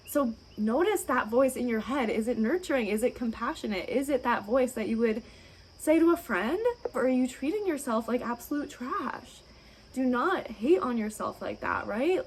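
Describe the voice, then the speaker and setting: A woman speaking as a registered dietitian, her voice sitting a little high as she offers advice directly to the camera. She sounds encouraging and reassuring, and she keeps asking rhetorical questions. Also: slight background noise, low-quality recording.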